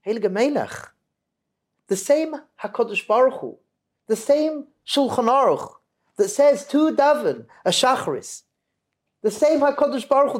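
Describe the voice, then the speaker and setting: Man doing a joyful old rabbi, high and forceful, exhorting. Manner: rising, impassioned exhortation. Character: pious old Hasidic rabbi, fervent and joyful.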